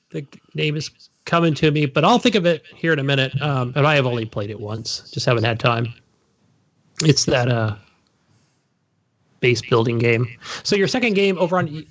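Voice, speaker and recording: A man's voice: on the high side, fairly bright tone. An older man co-hosting a gaming podcast, chatting in a loose, rambling, self-deprecating way. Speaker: podcast co-host. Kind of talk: casual chat. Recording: dull lo-fi mic.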